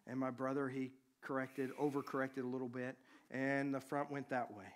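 A man preaching, a pastor telling a personal story to his congregation in a conversational, animated way. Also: medium pitch, normal speed.

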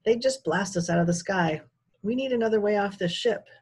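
A woman's voice: medium pitch, fairly quick, darkish tone, slightly rough, voice pushed up, natural voice. A woman voicing a weary, wounded ship captain, a man who speaks grave and stern.

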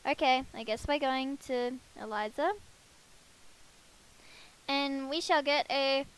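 High-voiced chatty woman gamer. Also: slow, low-quality recording. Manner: chatty, self-deprecating, talks to her game characters. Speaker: let's play gamer. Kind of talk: casual game commentary. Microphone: headset.

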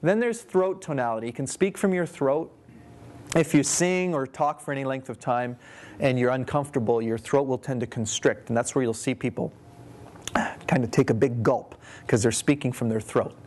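A male communication trainer delivers a lecture on vocal tone. He drops into demonstrations of each kind of voice and tosses questions out to his listeners, pausing as they answer, at a middle pitch for a man. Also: darkish tone. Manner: demonstrative, poses questions to the audience; shifts his voice to show each tonality.

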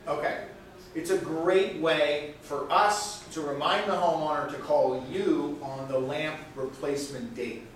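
A man's voice: on the high side, steady tone, a little slow, a little hiss or hum. Upbeat man giving sales training in an echoey room. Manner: upbeat, chatty, laughs between points. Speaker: product trainer. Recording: echoey room, mic far off.

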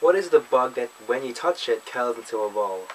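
Reading out a word list and fielding questions, this young Australian man makes a casual accent tag vlog full of joking jabs at himself, in an Australian accent. He speaks a little fast in a mid-range voice with lively intonation. The audio is poor and carries some hiss or hum.

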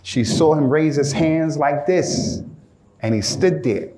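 Brief: male preacher, lively street-talk sermon, higher voice, echoey room. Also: slow. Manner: animated, street-slang, keeps addressing listeners as "man". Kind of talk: informal sermon.

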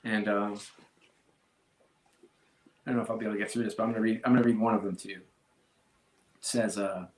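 A man being interviewed as a sports executive, speaking earnestly and haltingly with many restarts. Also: fairly low pitch, steady tone, a little hiss or hum. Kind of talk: casual interview talk. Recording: roomy echo.

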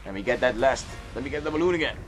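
A young man commentating on a video game, goofy and rambling, jumping between loud outbursts and mumbled asides, on a cheap microphone with hiss. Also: mid-range voice, lively intonation, very fast, faint music behind. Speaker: let's play commentator. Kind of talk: casual gameplay commentary.

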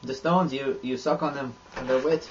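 A man voicing a crude, boastful Irishman in a put-on Irish accent, rambling in deadpan. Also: mid-range voice, normal speed, natural voice. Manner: rambling absurd deadpan monologue. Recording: dull lo-fi audio with faint noise.

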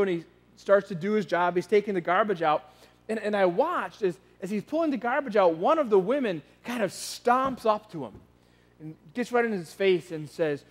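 A man telling a story from the pulpit, his voice high for a man and relaxed, often stumbling and restarting mid-phrase. The sound carries a long reverb, as if the sermon fills a large hall. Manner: conversational, frequent restarts and repeated words. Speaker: pastor.

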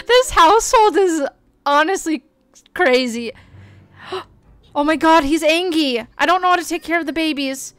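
A young woman streaming a game, chatting excitably and gasping as she plays. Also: sits high, moderate pace, dry recording, soft background music. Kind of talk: casual gameplay commentary.

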